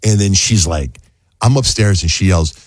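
Man, middle-aged, radio host, low husky voice, lively storytelling, dry sound. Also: moderate pace, no room sound. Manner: animated storyteller, acts out quotes in high voices. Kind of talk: casual storytelling on morning radio.

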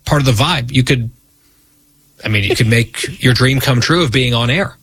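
Male radio host, wry and teasing, slightly husky, close dry mic. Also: medium pitch, moderate pace, fairly bright tone, no room sound. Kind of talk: bantering radio talk.

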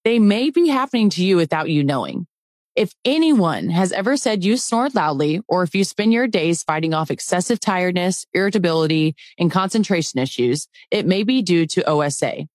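A woman reading a health ad in a calm, measured way. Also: on the low side, no room sound, studio quality. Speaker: ad announcer. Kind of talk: scripted ad read.

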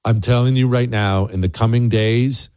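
A middle-aged man hosting a political opinion monologue, emphatic and animated and repeating points for effect. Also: mid-range voice, moderate pace, dry recording. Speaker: political commentary host.

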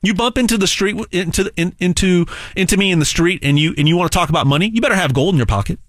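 A man delivering an emphatic, repetitive sales pitch monologue as host. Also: very fast, fairly bright tone, no room sound, studio quality.

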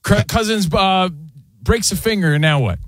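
A man co-hosting a sports talk show, arguing and joking in casual, animated banter from a studio. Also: sits high, normal speed, no room sound. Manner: animated, argumentative, jokey. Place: radio studio.

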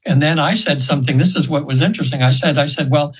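Husky man in his seventies. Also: a little high, quick pace, rough recording. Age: 70s. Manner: earnest, rambling storyteller. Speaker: radio guest, spiritual healer. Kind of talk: casual radio interview storytelling.

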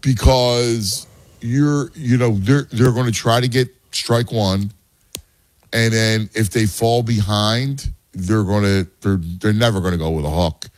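Rambling baseball dad explaining. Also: male voice, on the low side, a little slow, dry recording. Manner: rambling, restarts, explains strategy. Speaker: youth baseball coach, father. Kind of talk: casual podcast chat.

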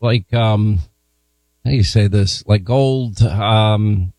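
A man's voice: fairly low pitch, darkish tone, no echo. Man, radio talk host, rambling banter, dry studio sound. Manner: rambling, chatty, asks rapid follow-up questions. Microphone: studio microphone.

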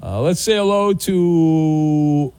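A man hosting a sports talk radio show, energetic and wisecracking with callers. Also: on the high side, slow pace, clean tone, no echo.

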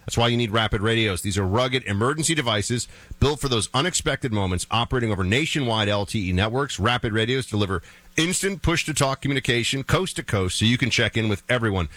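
Talk radio host reading an ad. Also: male voice, mid-range voice, lively intonation, fast talker, fairly bright tone, dry recording. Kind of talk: talk radio hosting and live ad read.

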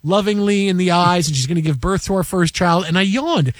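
Man, forties, sports talk host, storytelling, higher voice, dry close mic. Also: fairly quick, no echo. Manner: storytelling, animated with put-on quoted voices. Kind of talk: casual sports talk chat.

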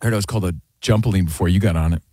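A man's voice: low voice, very fast, dark tone, dry recording, studio quality. A man in his forties co-hosting a sports radio show, upbeat and jokey as he steers the talk. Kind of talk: casual radio banter. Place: radio studio. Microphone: studio mic.

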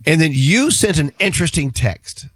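A man's voice: on the high side, very animated, normal speed, slightly rough, no echo. A man hosting a morning radio show, chatting playfully with a caller and laughing often. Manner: playful, laughs often, reads texts aloud. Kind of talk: casual radio banter.

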